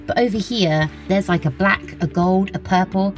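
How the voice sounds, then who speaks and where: Over music, a young woman from Wiltshire in southern England talks casually as an interviewee, using "like" freely and laughing often; she works as a social media creator. Her voice is medium-pitched and her pace moderate.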